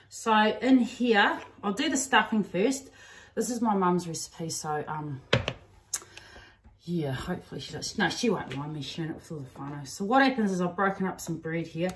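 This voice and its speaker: Cooking at home, a middle-aged New Zealand woman with some Australian in her accent chats homely and slangy, full of ums. Her lowish voice is animated at a moderate pace over a noisy background, caught in an echoey room by a distant stand-mounted camera.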